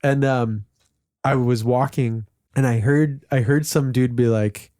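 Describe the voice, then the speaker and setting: A man's voice: medium pitch, fairly even intonation, measured pace, warm tone, no room sound, studio quality. A man in his late thirties, a podcast co-host, telling long rambling stories in casual chat, full of fillers and swearing. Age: late 30s.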